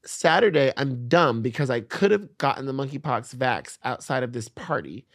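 A young man in a relaxed podcast chat, telling stories in a lively, animated way that breaks into laughter and restarts itself often. His voice is mid-pitched and the sound is dry and close. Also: normal speed, no echo. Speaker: podcast guest. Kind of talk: casual chat.

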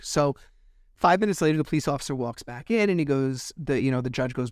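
A medium-pitched man talking at a quick pace hosts a podcast, heard in echo-free studio quality. He recaps events casually and animatedly in monologue, voicing quoted exchanges and swearing occasionally.

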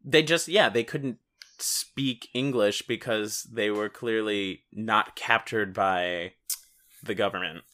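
Man, podcast co-host, bright tone, joking, swears, casual chat. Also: lowish voice, slow. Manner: joking, swears, tells anecdotes.

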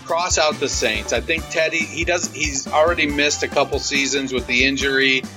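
Measured man from Ohio on a podcast. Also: mid-range voice, fairly even intonation, over music. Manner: measured, analytical, rattling off names. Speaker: podcast co-host. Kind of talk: casual podcast analysis.

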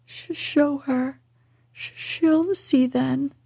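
A woman's voice: sits high, fairly even intonation, a little slow, vocal fry, a little mellow, husky, no echo, full character voice. A woman voicing a hysterical, sickly young boy who gasps and sobs, in whispered role-play. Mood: sobbing. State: gasping and sobbing.

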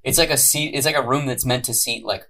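Blunt, bright-voiced male co-host. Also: mid-range voice, quick pace. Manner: blunt, profane, animated. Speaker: podcast co-host. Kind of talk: casual chat.

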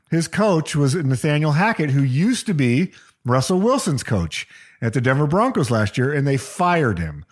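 Animated storytelling man, lively pitch. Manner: animated retelling of football stories with quoted voices. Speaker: podcast co-host. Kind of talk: casual chat, storytelling.

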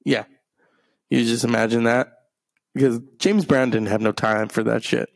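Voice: mid-range voice, steady tone, normal speed, creaky, dry recording. A streamer rambling through a profane, meandering story in a casual monologue.

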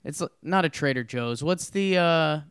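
A man's voice: fairly high pitch, animated, unhurried, fairly bright tone, smooth, no room sound, clean studio sound. A man co-hosting a podcast in casual chat, telling rambling jokey stories. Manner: rambling, joking storyteller. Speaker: podcast co-host.

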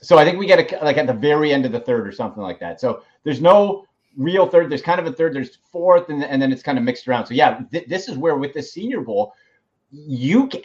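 A man hosting a podcast, talking sports in a casual, emphatic way and reacting quickly to his guest. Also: on the high side, muffled recording. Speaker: podcast host.

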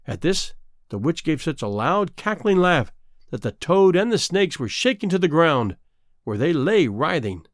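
A man reads a fairy tale aloud with expressive, measured storytelling. His voice sits a little high and moves up and down with lively inflection. It is recorded close and dry. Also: no echo. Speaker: narrator. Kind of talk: storybook reading.

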